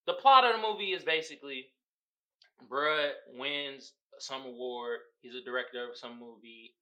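In a casual movie-review rant full of slang and profanity, a young man hosting a podcast from the Bay Area keeps breaking into laughter. The mid-range voice moves at a moderate pace and comes across pushed and bright, though the audio is poor.

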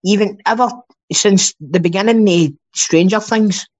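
On a dull, lo-fi podcast recording, a Scottish co-host rambles through casual conversation and swears without restraint. He has a high, darkish voice and takes his time.

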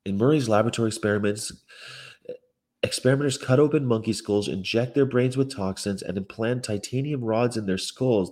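A man from the North of England talks casually in a mid-range voice, reading articles aloud and reacting with swearing and disbelief. He swings from loud outbursts to low muttering, speaking from a rented room indoors. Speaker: vegan activist vlogger. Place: indoor rental apartment room with a window view.

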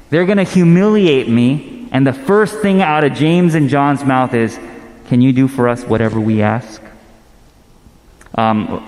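A man in his thirties preaching a sermon, casual and animated, telling stories with quick asides. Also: mid-range voice, long reverb tail. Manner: conversational, animated storytelling with asides. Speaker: pastor.

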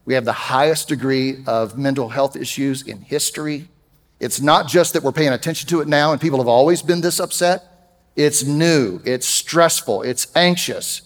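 A middle-aged man preaching a sermon as pastor, emphatic and rising loud when he quotes scripture. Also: mid-range voice, normal speed, big-room sound. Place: church sanctuary.

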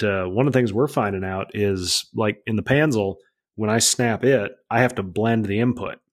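A man telling a story about flying, casual and blunt, swearing freely and acting out radio calls. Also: fairly low pitch. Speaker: aerobatic pilot guest.

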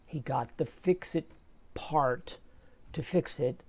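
Man, fairly high and gravelly voice, casual faith testimony, halting, repeats himself. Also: darkish tone. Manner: slow, halting storytelling with repeated words. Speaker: storyteller sharing a personal faith testimony.

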